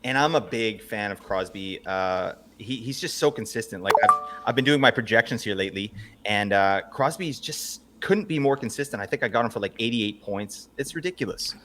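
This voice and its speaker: A man hosting a casual podcast chat, teasing his co-hosts and giving quick recaps. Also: on the low side, background noise. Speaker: podcast host. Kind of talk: casual fantasy hockey chat.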